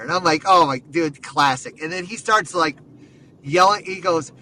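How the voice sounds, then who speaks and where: Excited high-voiced man chatting sports. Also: normal speed, distant mic, a little hiss or hum, low-quality recording. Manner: excited, rambling, lots of "dude" and "like". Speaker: podcast host. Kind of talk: casual sports chat.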